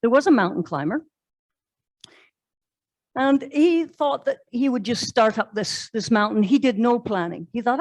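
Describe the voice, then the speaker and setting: A woman's voice: fairly high pitch, expressive, a little slow, pauses often, no echo, low-quality recording. A woman pastor, preaching a sermon in a conversational way, telling stories and asking rhetorical questions. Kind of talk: sermon storytelling. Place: church.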